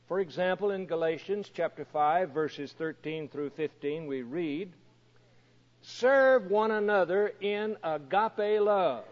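Slow, deliberate preacher man in a reverberant hall. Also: a little high, a little mellow, highs cut off. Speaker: pastor. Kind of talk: sermon.

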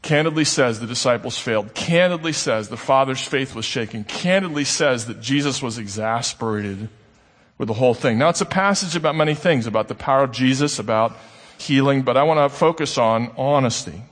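A man's voice: medium pitch, fairly quick. A man preaching a sermon in a conversational way, posing rhetorical questions to his congregation. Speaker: pastor. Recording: long hall reverb.

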